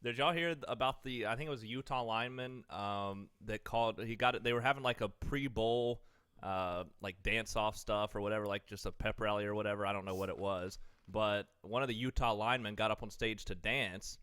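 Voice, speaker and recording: Casting: male podcast co-host, lowish smooth voice, dry close sound, rambling chat. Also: brisk, fairly bright tone, no room sound. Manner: rambling, filler-heavy, eating while talking. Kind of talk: casual sports chat.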